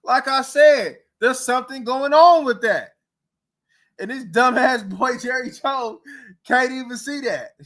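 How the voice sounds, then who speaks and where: A man's voice: very high-pitched, measured pace, fairly bright tone. Fired-up man ranting about football. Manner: heated, mocking, rambling with repeated rhetorical questions. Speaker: podcast host. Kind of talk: casual sports talk rant.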